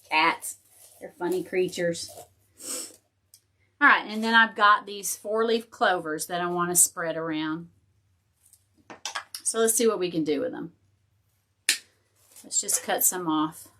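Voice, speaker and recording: A woman's voice: on the low side, slow, pauses often, pushed and bright, a little hiss or hum. A woman hosting a casual live crafting tutorial. She thinks aloud as she works and chats with viewers and her dog.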